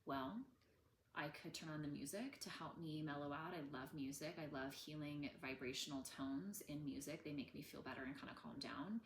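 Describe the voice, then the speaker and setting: A woman in her thirties teaching about healing trauma in a gentle, conversational way, with many fillers. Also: low voice, normal speed, roomy sound, a little hiss or hum. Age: 30s. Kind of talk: casual teaching talk.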